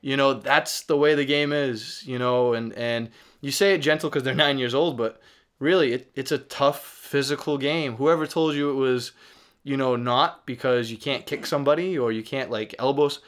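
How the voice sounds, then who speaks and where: A man's voice: medium pitch, moderate pace, fairly bright tone. A man with a Boston accent, co-hosting a soccer talk show and coaching youth soccer, chatting casually with lots of fillers and restarts. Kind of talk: casual sports chat.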